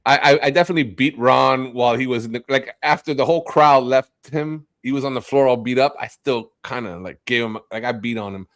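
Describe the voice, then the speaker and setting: A man's voice: mid-range voice, a little fast, hardly any pauses, dry recording. A man ranting and trash-talking in a crude, profane casual stream chat. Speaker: stream guest. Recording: dry close mic.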